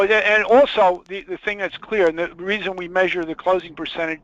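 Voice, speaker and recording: High-voiced man giving an emphatic sales webinar. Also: a bit bright, no echo. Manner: emphatic, repeats key points, poses rhetorical questions. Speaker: webinar presenter. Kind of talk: sales training presentation. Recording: dull lo-fi dry webinar audio.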